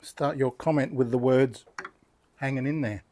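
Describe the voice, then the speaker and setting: An older man with an Australian accent chats in an easygoing, rambling way, full of good humour. His voice is mellow and dark, with a relaxed, unhurried delivery as he explains his work. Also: mid-range voice. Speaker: knife sharpening channel host. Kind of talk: casual talk while demonstrating.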